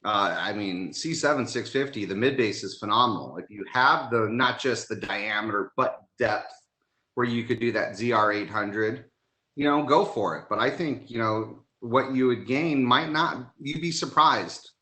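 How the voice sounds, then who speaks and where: A man with a bright, forceful tone speaks emphatically as a technical trainer. He sounds enthusiastic and hands-on, and his voice rings through an echoey room on a video call mic. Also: medium pitch, normal speed. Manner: emphatic, enthusiastic about installation. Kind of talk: live online training talk.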